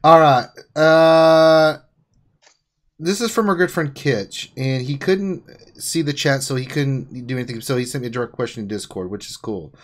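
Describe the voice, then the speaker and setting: A man's voice: medium pitch, normal speed. Joking man hosting a live call. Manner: teasing, animated, jumps between joking and reading questions. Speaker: host of a live Q&A stream. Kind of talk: casual group chat on a call.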